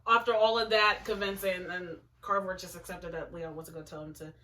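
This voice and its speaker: A woman's voice: fairly low pitch, steady tone, a little fast, pushed and bright. A young woman reads aloud from an old story of her own in her bedroom, reacting with giggly, sarcastic, mock-dramatic asides. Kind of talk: casual commentary while reading aloud. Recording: voice distant from the mic.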